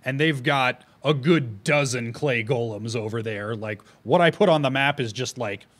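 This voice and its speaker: A man's voice: mid-range voice, moderate pace, fairly bright tone. Man, game master, rambling narration, fillers, tabletop game. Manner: rambling, with many fillers and restarts.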